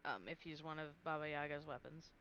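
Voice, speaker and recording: A woman player chatting candidly before a tabletop session, quick to laugh. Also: deep voice, fairly even intonation, pushed and bright, slight background noise. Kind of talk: casual chat. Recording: dull lo-fi mic.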